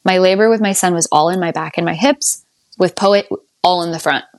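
A young adult woman telling her birth story as a podcast guest in casual conversation. She laughs often and jumps up high when she quotes herself. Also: fairly quick, dry recording, studio quality.

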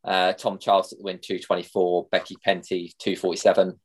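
A young man co-hosts a relaxed chat, his voice sitting low and steady. He rambles through stories with the easy pace of casual conversation. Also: fairly quick. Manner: chatty, rambling with fillers. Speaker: podcast co-host.

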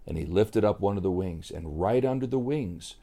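A man telling a story to children in a playful, animated way, sometimes imitating animal sounds. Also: deep voice, moderate pace.

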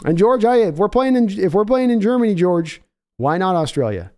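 High-voiced guy hosting a stream, rambly and chatty, pokes fun at himself. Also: very animated, fairly quick, warm tone. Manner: rambling, chatty, self-deprecating. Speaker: livestream host. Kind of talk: casual livestream chat.

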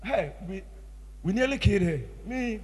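A man with a Ghanaian English accent preaching a sermon as pastor, impassioned, swinging from hushed tones to shouts. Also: sits high, lively intonation, moderate pace, breathy edge, long reverb tail.

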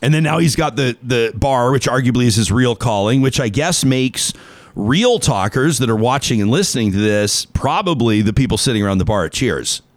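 A man's voice: mid-range voice, expressive, normal speed, no room sound. A man hosting a talk show, chatting casually in a rambling, self-deprecating and joking way. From Canada. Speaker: radio show host. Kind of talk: casual on-air banter.

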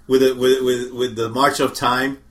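A man's voice: mid-range voice, level tone, moderate pace, fairly bright tone. A man co-hosting a casual chat podcast, arguing his points emphatically. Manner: emphatic, argumentative. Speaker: podcast co-host.

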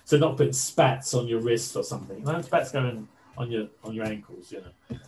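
A man being interviewed, telling a story in a casual, animated way with lots of fillers. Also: mid-range voice, moderate pace, slight background noise, poor audio. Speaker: interview guest.

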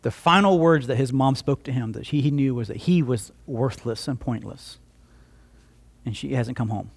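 The pastor, a man, has a husky, medium-pitched voice with vocal fry and speaks at normal speed. He preaches a conversational sermon, telling a story, acting out both speakers, and often restarting with repeated words.

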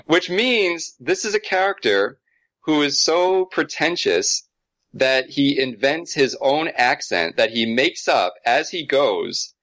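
A man's voice: a little high, slow, no room sound. A man in easy film-review chat, his voice rising and falling a lot as he explains a point and breaks into laughter. The sound is close and dry, with no room around it. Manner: chatty, laughs often, animated explanations. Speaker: podcast co-host.

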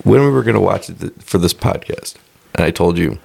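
A man co-hosting a podcast, reviewing a movie in casual chat, animated and exasperated as he tells the plot. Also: low voice, a little fast, creaky, slightly rough. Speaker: podcast co-host.

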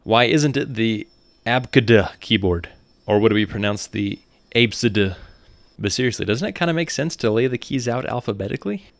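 A man's voice: on the low side, expressive, brisk, creaky, a little hiss or hum. A man with a general American accent, reading a scripted podcast narration with wry, conversational asides. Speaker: podcast host.

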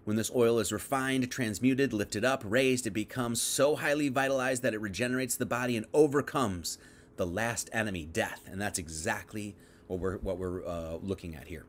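A man teaching on a Bible passage in a livestream, chatty, dropping to quiet asides and then rising to emphatic bursts, reading verses aloud and paraphrasing them loosely. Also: mid-range voice, a little hiss or hum. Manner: conversational, swings from quiet asides to emphatic outbursts. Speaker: preacher.

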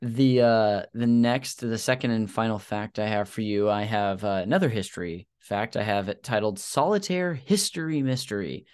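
A man with a somewhat low voice hosts a casual podcast chat. He rambles and hesitates, filling gaps with ums while making self-deprecating asides. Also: moderate pace, few pauses, a little mellow, clean tone. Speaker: podcast host.

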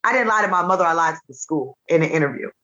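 A woman from Chattanooga, a comedian guest telling animated, jokey stories in casual chat. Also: lowish voice. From Chattanooga, Tennessee. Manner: animated, jokey, rapid bursts. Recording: dull lo-fi sound.

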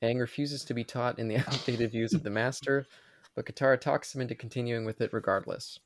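A man's voice: mid-range voice, steady tone, a little fast, dry recording. A man hosting a podcast, tipsy from wine, reads an episode recap. He stumbles, restarts and swears at his own slips. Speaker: podcast host.

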